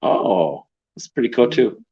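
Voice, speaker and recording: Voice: mid-range voice, expressive, a little slow, slightly rough. A teasing, joking panelist in a casual livestream chat. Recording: muffled lo-fi stream audio.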